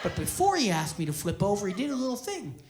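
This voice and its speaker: A man's voice: high-pitched, huge pitch swings, fast talker. Canadian guy doing stand-up, swears a ton, voice jumps all over, crowd roaring laughs. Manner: profane, loud, crowd-baiting delivery. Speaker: stand-up comedian. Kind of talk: stand-up comedy set. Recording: live club set with loud crowd laughter.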